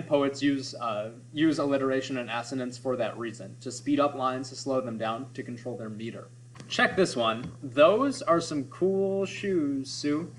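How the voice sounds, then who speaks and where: A man's voice: mid-range voice, a bit bright. Male teacher, mid-range voice, explanatory classroom lecture, faint hum in the recording. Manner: explanatory, with frequent "right?" checks and sounded-out examples.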